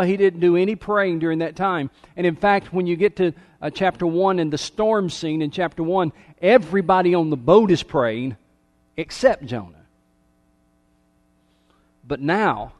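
Pastor guy preaching, slows way down on the big lines, goes quiet for effect, big echoey church sound. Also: a little high. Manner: earnest preaching, slows to stress key phrases, drops soft for emphasis. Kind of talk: sermon. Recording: long hall reverb.

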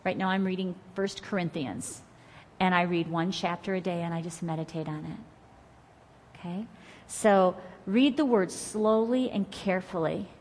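A woman teaching a Bible study class in an earnest, conversational and encouraging way, reading scripture aloud slowly and with emphasis. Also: fairly low pitch, darkish tone, long reverb tail, a little hiss or hum.

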